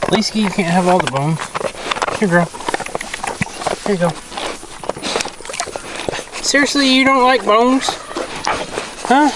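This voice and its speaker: Outdoors on a farm, a high-pitched man vlogs casually against a noisy background. He's an easygoing farmer narrating and chatting with his dogs.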